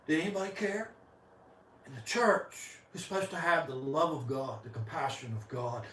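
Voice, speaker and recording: Impassioned preacher in an echoey church. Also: male voice, mid-range voice, recorded from a distance, slight background noise. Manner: impassioned preaching, voice swinging loud and soft. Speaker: pastor. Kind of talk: sermon. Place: church sanctuary.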